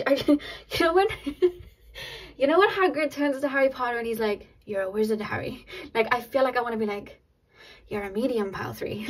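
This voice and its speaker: A woman giving a casual pick-a-card tarot reading to her viewers, excitable and laughing often between many filler words. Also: a little high, poor audio.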